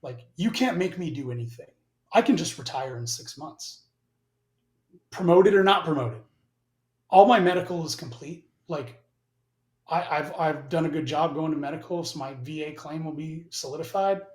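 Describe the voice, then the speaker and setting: A man's voice: fairly high pitch, normal speed. A man in his forties, a podcast guest, telling a story in a casual, profane way and acting out both sides of each conversation. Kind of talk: casual storytelling with acted-out dialogue. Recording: roomy echo.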